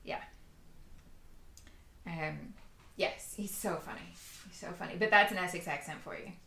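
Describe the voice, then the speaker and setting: A woman's voice: on the low side, normal speed, gravelly, bright, forceful tone. A woman hosting a live crafting stream, chatting casually, laughing often and talking herself through her work. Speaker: crafting livestream host. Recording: roomy echo.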